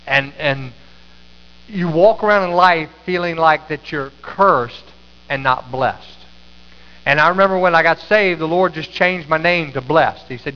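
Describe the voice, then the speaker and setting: A man's voice: on the high side, normal speed. A middle-aged man preaching a sermon as pastor, telling a story with many restarts and fillers in a church sanctuary. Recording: echoey sanctuary, slightly dull sound.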